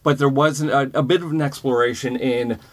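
A man chats about his work as a performer in an easygoing, thoughtful way. His pitch is ordinary for a man, and his speech is loose and unhurried, with fillers. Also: fairly even intonation. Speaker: comedy performer, guest. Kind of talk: casual chat.

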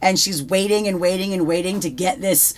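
A woman's voice: on the low side, a little fast. A young woman co-hosting a casual talk show, swearing freely and restarting her sentences. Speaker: podcast co-host. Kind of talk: casual chat.

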